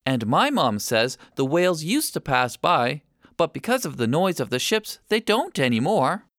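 A man's voice: fairly high pitch, sing-song, normal speed, fairly bright tone, no echo, studio quality. A man voicing a curious, insistent young girl in a storybook reading.

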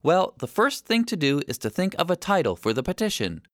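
A man's voice: a little high, big pitch swings, brisk, no room sound, clean studio sound, voice pushed up. Man voicing Antonio, impatient teenage boy. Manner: impatient, bossy explaining. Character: sixteen-year-old boy musician, busy and impatient.

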